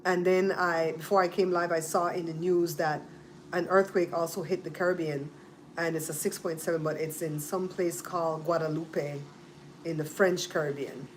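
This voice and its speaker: Her voice sits on the low side, steady in tone and moderate in pace, with slight background noise behind it. She's a Belizean-accented woman running a casual livestream, talking with viewers and repeating and spelling their names.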